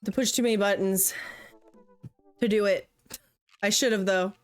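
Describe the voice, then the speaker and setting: A woman's voice: mid-range voice, fairly even intonation, normal speed, soft background music. A woman streamer chatting casually while playing a dating game, giggly and self-mocking. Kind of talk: casual livestream chat.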